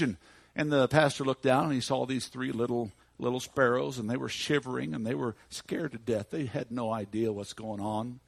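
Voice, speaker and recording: A man preaching a sermon, telling an illustrative story dramatically and slowing down for emphasis. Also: medium pitch, creaky, dry recording.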